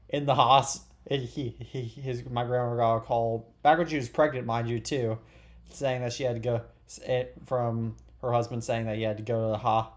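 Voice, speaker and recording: A teenage boy hosting a casual tech podcast, rambling with many restarts and dry sarcastic quips. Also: medium pitch. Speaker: podcast host.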